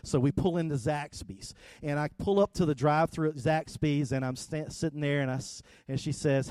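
A middle-aged pastor with a fairly high voice preaches in a chatty, storytelling way, often checking in with his listeners. The sound is close and dry, with no room echo. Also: moderate pace, few pauses. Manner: conversational, storytelling, rising to loud animated retelling. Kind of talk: sermon.

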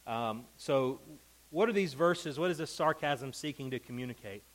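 A man's voice: medium pitch, normal speed, rough recording. A man teaching a Bible lesson to a class. He reads scripture with emphasis and keeps checking in with the group.

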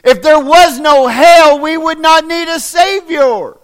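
A man with a Southern American accent preaching a sermon as pastor, plain-spoken and folksy, swinging from shouting to hushed asides. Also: very high-pitched, slow pace.

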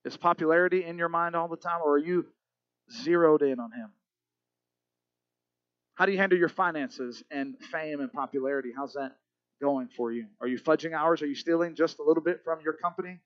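A man with a high voice preaches a sermon. He swings from loud exhortation to hushed calm and puts pointed questions to his listeners. The sound is dry and a little dull. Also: a little fast, no room sound. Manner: asks the congregation direct questions. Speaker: pastor.

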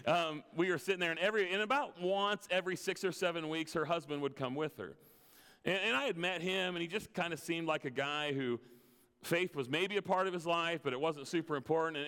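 A man's voice: a little high, fairly bright tone, clean tone, big-room sound. A man preaching a sermon as a pastor, speaking in an earnest, conversational way and often repeating his first words as he starts a sentence.

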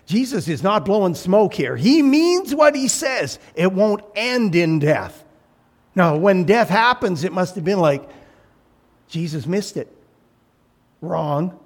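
A man preaching a sermon as pastor, animated, acting out voices and shouting for emphasis. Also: sits high, unhurried.

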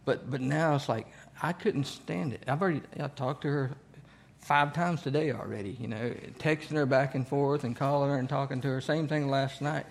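A man's voice: mid-range voice, moderate pace, vocal fry. A man teaching a church Bible study, asking the group questions and repeating key phrases.

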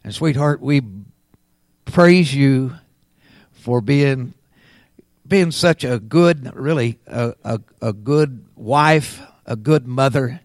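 Slow-preaching man, dry sound. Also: no echo. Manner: unhurried preaching that swells louder and higher on key words. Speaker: pastor. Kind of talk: sermon.

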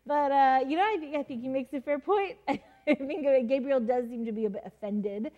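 Chatty mom teaching a Bible story. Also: female voice, sits high, brisk, lo-fi sound. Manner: chatty, many fillers, laughs often, acts out quotes. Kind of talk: casual devotional Bible teaching.

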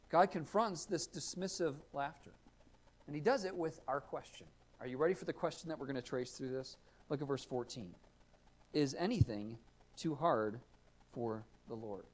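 Guy pastor giving a sermon, kinda high voice, earnest, lots of questions. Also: husky. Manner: earnest, questioning, varies loudness for emphasis.

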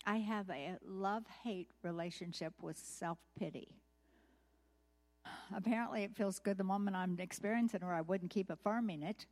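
Candid woman preaching a conversational sermon. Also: mid-range voice. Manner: candid and self-deprecating, asking the listeners questions; lively storytelling, quickening when quoting others.

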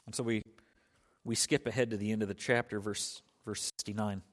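A man's voice: fairly low pitch, flat delivery, brisk. Man preaching in a reverberant hall. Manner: earnest, with restarts and emphatic rises. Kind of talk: sermon.

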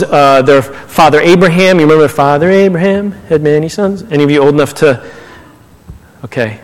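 Male pastor, high register, animated conversational preaching, reverberant sanctuary. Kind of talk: sermon. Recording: long hall reverb.

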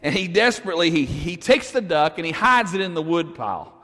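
A man's voice: on the high side, big pitch swings, brisk, pushed and bright, big-room sound. A man preaching a sermon, telling a story in a conversational way and putting questions to the congregation. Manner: conversational, asks the audience questions, chuckles.

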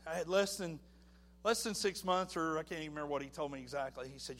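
Man giving an animated church testimony. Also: on the high side, fast, big-room sound, slight background noise. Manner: animated storytelling, acting out voices. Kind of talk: personal testimony.

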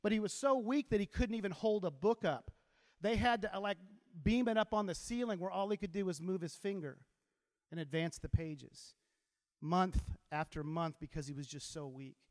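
High-voiced man speaking in a hall. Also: normal speed. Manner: animated storyteller who gets the crowd to repeat lines. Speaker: teacher giving a motivational talk. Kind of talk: inspirational talk to a live audience. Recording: long hall reverb.

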